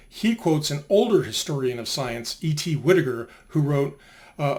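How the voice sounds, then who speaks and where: An older man giving a conversational history of science lecture, asking rhetorical questions as he goes. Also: a little high.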